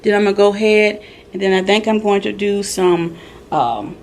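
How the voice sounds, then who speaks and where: In a mid-range, slightly mellow voice at a moderate pace, a school librarian rambles through a casual vlog on her handheld phone, chatting and cutting herself off. There's a little hiss or hum in the recording.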